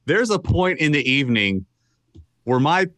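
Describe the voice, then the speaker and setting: A man chatting casually on a talk show, laid-back and teasing. His tone is bright and forward. The sound is dry with no room echo. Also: fairly high pitch, big pitch swings, a little slow. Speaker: chiropractor guest. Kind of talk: casual chat.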